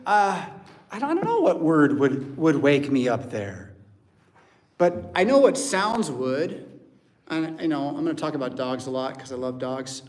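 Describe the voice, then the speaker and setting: An American man, a pastor, preaching a lively sermon in church and acting out voices and sounds. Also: a little high. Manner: animated, acts out voices and sounds.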